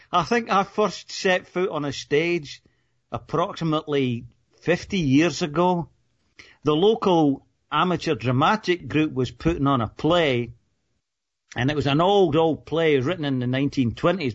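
A man's voice: on the high side, a little slow, highs cut off. A Scottish man in his sixties calling in to a radio talk show, telling stories in an amused, self-deprecating way. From Scotland. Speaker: caller. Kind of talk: casual storytelling on a radio call-in.

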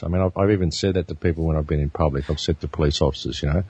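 A man's voice: sits low, racing, hardly any pauses, darkish tone, breathy edge, dry recording. A man talking bluntly on a talk show, rambling and often repeating his words. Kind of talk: casual talk show chat. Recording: muffled dry lo-fi recording.

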